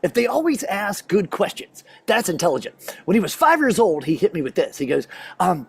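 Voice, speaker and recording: A man's voice: high-pitched, sing-song, normal speed, gravelly, husky, dry recording. A man doing a stand-up comedy set on stage, chatty and self-deprecating as he works the crowd.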